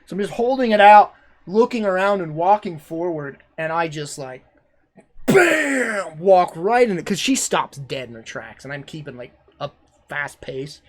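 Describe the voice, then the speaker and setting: A man streaming casual commentary over his old travel videos, rambling and self-deprecating, quick to exclaim. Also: a little high, expressive.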